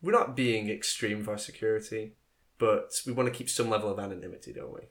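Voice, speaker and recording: A man's voice: on the low side, steady tone, quick pace, fairly bright tone. A young man from England with a nasal voice, hosting a casual comedic podcast and laughing as he jokes. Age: young adult. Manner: playful, laughing, bouncing into silly voices. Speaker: podcast host.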